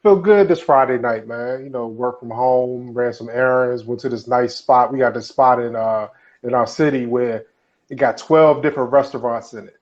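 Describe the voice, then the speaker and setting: A man's voice: mid-range voice, moderate pace. A man on a podcast who tells rambling, laid-back stories in a casual chat. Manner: rambling storytelling with fillers and restarts. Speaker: podcast co-host. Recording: dull lo-fi recording.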